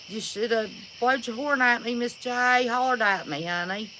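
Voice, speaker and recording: A woman's voice: on the high side, normal speed, sharp tone, a little hiss or hum, poor audio. A woman hosting a casual livestream, chatting and greeting viewers by name and calling them honey. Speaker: livestream host.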